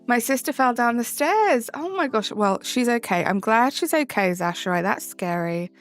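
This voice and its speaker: A woman's voice: on the high side, lively intonation, normal speed. A young English woman streaming live, chatting with viewers and greeting them by name, her sentences rising at the ends. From England. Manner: bubbly, greets chatters by name, sing-song rising endings. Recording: faint music behind. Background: faint background music.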